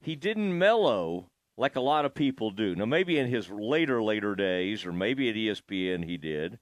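A man's voice: on the low side, very animated, normal speed, dry recording. A man hosting an interview in a casual way, asking rambling, hesitant questions with many restarts. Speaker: podcast host.

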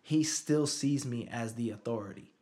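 A man's voice: mid-range voice, moderate pace, warm tone. Man telling a story in casual conversation. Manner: conversational, repeats "you know what I'm saying". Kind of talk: casual chat.

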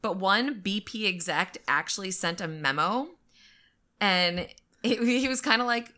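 A woman's voice: mid-range voice, unhurried, sharp tone. A woman co-hosting a podcast in casual chat, retelling a story and acting out quotes in silly voices. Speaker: podcast co-host.

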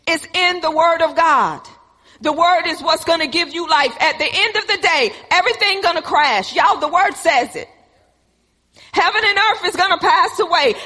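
Woman preacher, high and bright, emphatic repetitive delivery, long hall reverb. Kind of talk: sermon.

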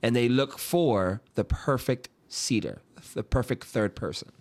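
Stammering New York podcast host. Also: male voice, medium pitch, unhurried, darkish tone. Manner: stammering, repeats words, laughs often. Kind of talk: casual storytelling chat.

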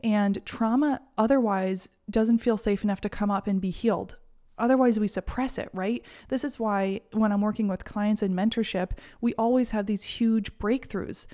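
A woman talks through a solo self-help podcast episode in a warm, mellow voice. Her delivery is earnest and encouraging as she speaks directly to listeners. Her pitch sits in an ordinary middle range. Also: normal speed. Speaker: podcast host and confidence mentor. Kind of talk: reflective solo podcast talk.

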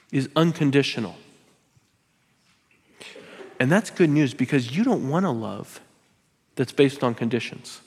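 A pastor with a medium-pitched, breathy-edged voice preaches a sermon, hammering points home by repeating phrases and tossing in joking asides. A long hall reverb fills the recording.

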